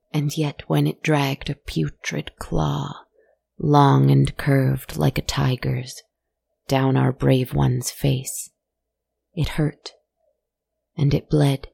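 A woman narrating a spooky story in a calm, scripted way, soft and hushed, at times dropping to a whisper. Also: very deep voice, creaky, husky, dry recording.

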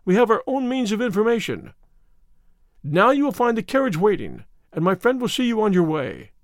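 Guy doing a giggly sinister old crook, silky threats, high and bouncy. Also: wildly swooping pitch, moderate pace, dry recording, studio quality. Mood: menacing. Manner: smooth, veiled threats. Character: sinister giggling older male kidnapper, menacing. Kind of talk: audiobook character voice.

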